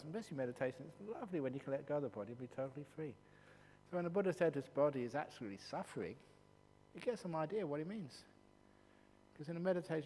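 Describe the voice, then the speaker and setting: Jokey monk teaching in a reverberant hall. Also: male voice, medium pitch. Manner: animated, jokey storytelling. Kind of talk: dharma talk at a retreat. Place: meditation retreat hall. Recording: long hall reverb, faint hum.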